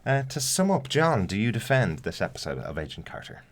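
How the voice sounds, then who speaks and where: Deep-voiced guy on a tv podcast, lots of uhs, stops and starts. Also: big pitch swings, fairly quick. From outside the US. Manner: hesitant, many fillers and restarts. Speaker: podcast co-host. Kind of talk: casual TV review chat.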